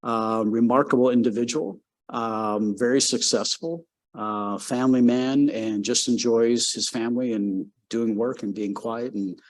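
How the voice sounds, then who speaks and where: A man's voice: medium pitch, measured pace. A man in his sixties from Canada, a former race car driver who is the guest. He tells long, rambling stories full of "um"s and gets livelier as he acts out the exchanges. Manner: rambling, filler-heavy, lively when telling a story. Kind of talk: casual anecdotal storytelling.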